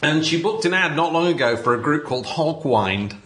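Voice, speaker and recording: A man's voice: a little high, fast, pushed and bright. A man co-hosting a podcast in casual chat, teasing and prodding his partner along. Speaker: podcast co-host. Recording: roomy room sound.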